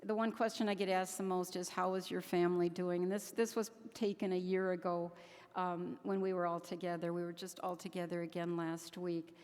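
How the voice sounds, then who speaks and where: A woman's voice: lowish voice, little pitch movement, fairly quick, darkish tone, clear, resonant tone. An older woman, a grandmother, giving an earnest, heartfelt speech to a conference audience, sometimes stopping and restarting her sentences. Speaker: keynote speaker at a conference. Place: large conference hall. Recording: long hall reverb.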